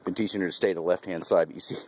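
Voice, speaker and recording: A man's voice: deep voice, fairly even intonation, racing, darkish tone, a little hiss or hum. A man casually explaining dog training in a vlog, rambling, with fillers and restarts. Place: at home, then outdoors with a dog.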